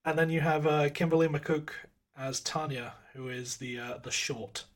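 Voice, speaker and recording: A man's voice: fairly high pitch, fairly even intonation, moderate pace. A man co-hosting a podcast, chatting casually about a film and reading out its cast with a dry, chuckling manner. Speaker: podcast co-host.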